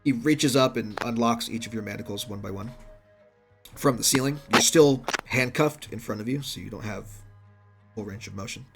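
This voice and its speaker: A man narrating a tabletop game as game master, relaxed and full of fillers and small laughs. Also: mid-range voice, moderate pace, creaky, music in the background.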